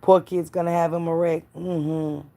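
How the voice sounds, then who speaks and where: A woman's voice: lowish voice, little pitch movement, measured pace, gravelly, mellow. A woman giving blunt, profane gossip commentary to her live stream chat, preaching and calling out viewers by name.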